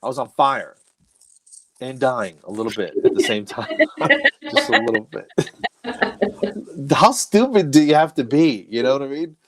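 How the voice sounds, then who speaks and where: A man's voice: mid-range voice, sing-song, unhurried, long pauses, slightly rough. A middle-aged man spins a rambling, self-mocking story in easy conversation. He chuckles between lines as he talks. His voice sits in an ordinary middle range. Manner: self-deprecating, laughs through his stories. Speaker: comedian guest. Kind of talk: casual storytelling chat.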